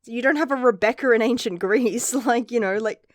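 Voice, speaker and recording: A woman's voice: fairly high pitch, brisk, no echo, clean studio sound. A woman giving a casual chapter review in a chatty, rambling way, swearing now and then. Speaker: manga reviewer.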